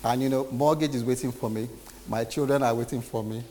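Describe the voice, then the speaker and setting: Animated male preacher in a reverberant hall. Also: medium pitch, fairly quick, slight background noise. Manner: animated, acts out quoted dialogue. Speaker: preacher giving a testimony. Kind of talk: sermon storytelling.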